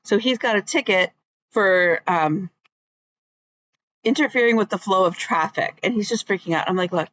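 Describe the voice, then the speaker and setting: A woman's voice: mid-range voice, normal speed, long pauses, a bit bright, dry recording. Woman, casual stitching vlog, rambling and chatty, lots of ums, dry close sound, a bit muffled. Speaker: cross-stitch vlogger. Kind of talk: casual chat.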